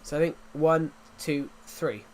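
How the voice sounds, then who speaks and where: An English livestream host with a sore throat speaks in an unhurried voice on the high side. His casual chat rambles with frequent restarts and fillers, over a little hiss or hum.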